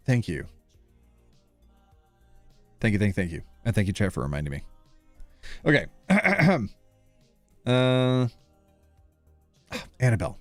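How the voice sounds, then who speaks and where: A man's voice: mid-range voice, huge pitch swings, normal speed, long pauses, no room sound, faint music behind. A man in his thirties hosting a live stream, playful and self-deprecating, fumbling over names and joking with chat. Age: 30s.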